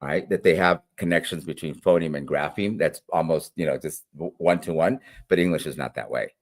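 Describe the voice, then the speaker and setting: A man in a conversational interview, explaining teaching methods with animated emphasis and frequent "right?" check-ins. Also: rumbling low, a little fast. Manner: animated, demonstrates sounds, frequent "right?" and "all right?". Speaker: guest literacy educator.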